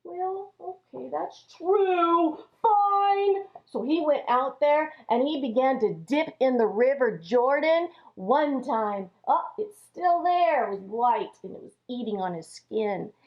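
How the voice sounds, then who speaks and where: A woman teaching Sunday school, telling a Bible story to children in an animated way. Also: on the high side, measured pace, hardly any pauses. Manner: animated, acts out characters' lines. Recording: dull lo-fi recording.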